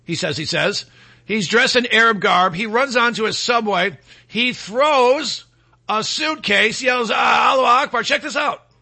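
A man hosting a talk radio show, talking in an animated, mocking and scornful way. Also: high voice, measured pace, shouting. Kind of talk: opinionated talk radio monologue.

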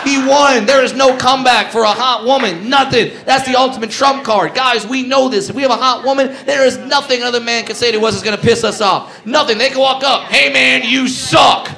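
A man doing a brash, loud stand-up comedy set, telling a story to a live audience. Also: very high-pitched, steady tone, fairly quick, vocal fry, hardly any pauses. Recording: noisy live club recording. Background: audience laughter.

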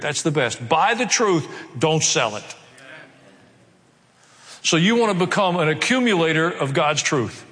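A pastor preaching a sermon, emphatic and conversational, repeating key phrases. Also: male voice, high-pitched, fairly bright tone. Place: large church hall. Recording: long hall reverb.

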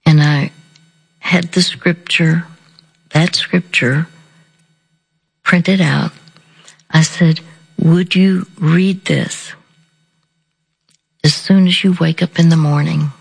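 Slow husky low-voiced woman. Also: steady tone, low-quality recording. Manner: slow, deliberate, softly earnest. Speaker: speaker sharing a counseling story. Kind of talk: reflective storytelling talk.

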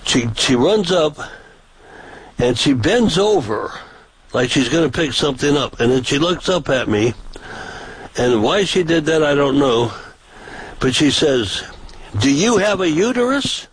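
A man recounts his street-preaching days in a casual, animated storytelling voice. His tone is a bit breathy and husky at mid pitch. He leaps upward when quoting others. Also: a little slow, pauses often, no room sound, poor audio.

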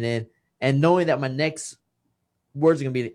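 A man's voice: mid-range voice, normal speed. A man in his thirties, a retired boxer, telling his story in a casual interview with emotion and repeated words. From Texas.

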